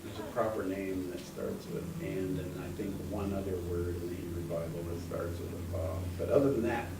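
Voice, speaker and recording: A male Hebrew teacher patiently explains things step by step in class and calls on students. His voice sits low with fairly even intonation and a fairly quick pace, picked up by a distant room mic in an echoey classroom with a faint hum.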